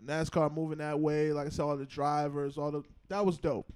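A man co-hosting a podcast, talking in relaxed slangy banter with friends. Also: a little high, brisk, clean tone. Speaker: podcast co-host. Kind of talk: casual chat.

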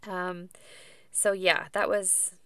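A woman's voice: fairly low pitch, flat delivery, takes it slowly, sharp tone, clear, resonant tone, no echo. A woman in her thirties, a podcast guest, chatting casually about her birth story with plenty of fillers and laughs.

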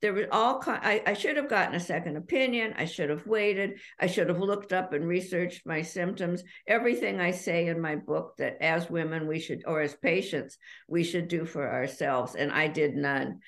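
A woman with a lowish, gravelly voice speaks as an author on a podcast. She talks openly and a little self-mockingly, laughing easily as she explains. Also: normal speed, few pauses. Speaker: author guest. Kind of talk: casual podcast interview.

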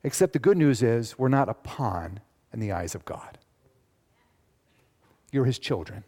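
A male pastor preaching a sermon in a church, with animated, emphatic delivery. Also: medium pitch, moderate pace. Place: church sanctuary. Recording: long reverb of a church.

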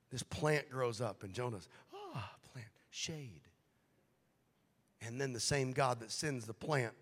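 A man preaching a sermon as pastor, shifting from quiet, hushed passages to loud, shouted appeals, acting out the voices he quotes. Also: medium pitch, big-room sound. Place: church sanctuary.

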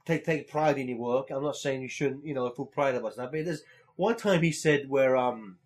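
A young man co-hosts a podcast in casual chat, speaking in a mid-range voice at a moderate pace. He rambles, using lots of fillers and swearing.

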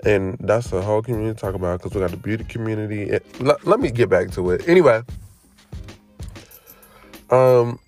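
A man hosting a casual podcast monologue, animated and preachy, firing off rhetorical questions in slangy talk and drifting into tangents. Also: fairly low pitch, a little fast, long pauses, soft background music. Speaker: podcast host.

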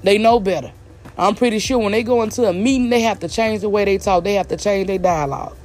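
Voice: medium pitch, fast talker, a little mellow. A vlogger from the American South with a Southern accent, delivering a blunt, emphatic opinion rant straight to the audience and hammering points home by repeating them. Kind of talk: direct-to-camera opinion rant.

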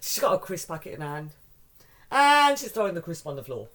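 Middle-aged brit chatting, big animated storyteller, does all the voices, swears a bit. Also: medium pitch, fairly quick, crowd noise. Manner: animated, mimics voices in stories, swears casually. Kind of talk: casual chat, anecdotal storytelling.

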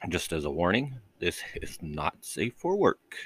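A man hosting a casual late-night solo podcast from his bedroom, talking low and quietly, rambling and crude and mocking himself. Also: husky, dry recording. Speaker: podcast host. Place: bedroom at home with the door shut.

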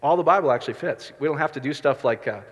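A man's voice: on the high side, quick pace. A middle-aged man preaching a sermon as a pastor, talking conversationally and asking the congregation questions. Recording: reverberant hall.

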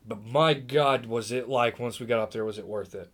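A man from Indiana telling stories in casual chat, animated, bursting fast and restarting mid-sentence. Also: mid-range voice. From Indiana, USA.

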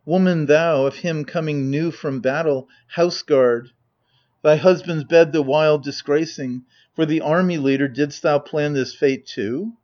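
A man's voice: a little high, a little slow, a little mellow, dull audio, lightly acted. A man reading the lines of a chorus of old elders in a grave, formal verse recitation.

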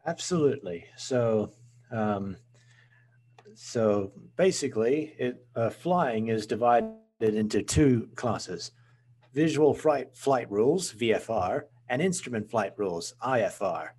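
A man's voice: medium pitch, lively intonation, slow, darkish tone, breathy edge. A man, a guest talking in a rambling way with lots of restarts. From Australia. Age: 20s. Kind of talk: casual podcast interview.

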